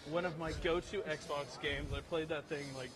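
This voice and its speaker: A man with a fairly high voice co-hosts from behind the camera on a convention floor. He talks casually and bluntly, with sarcastic asides and offhand swearing. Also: fairly even intonation, normal speed, fairly bright tone, poor audio. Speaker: camera operator and co-host. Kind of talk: casual walk-and-talk chat. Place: busy convention hall.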